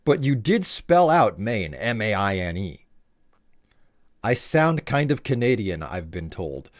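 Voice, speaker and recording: A man's voice: on the low side, sing-song, a little slow, no echo, studio quality. A young man from the Upper Midwest chatting casually and joking while reading his live stream's chat.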